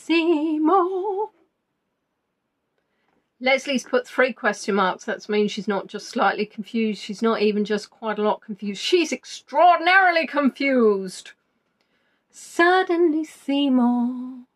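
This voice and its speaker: A woman's voice: fairly high pitch, animated, normal speed, hardly any pauses. A woman hosting a quiz, chatty and teasing, reading out answers as they come in. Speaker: quiz host. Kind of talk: live online quiz chat.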